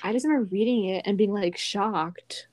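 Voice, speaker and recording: A young woman co-host with a blunt, deadpan delivery. Her voice is mellow and mid-pitched. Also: moderate pace. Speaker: podcast co-host. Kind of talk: casual chat.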